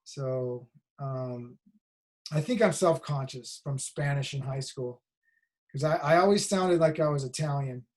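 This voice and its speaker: Teaching a college class by video call, a man speaks in a mid-range voice at a measured pace. The talk is casual, peppered with fillers and restarts.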